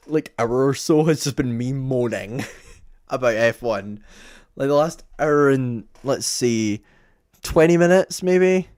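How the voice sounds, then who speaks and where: A man's voice: medium pitch, no room sound, studio quality. Exasperated man ranting about a race. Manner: exasperated, rambling, self-interrupting. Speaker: livestream host. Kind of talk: casual live race commentary.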